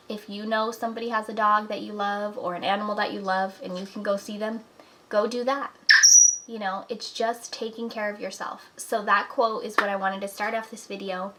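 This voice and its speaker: Slight background noise and poor audio surround a fairly bright, mid-range female voice. A vlogger in her twenties, she sits at home in her apartment and earnestly, chattily encourages viewers with life advice, often saying "like" and "you know."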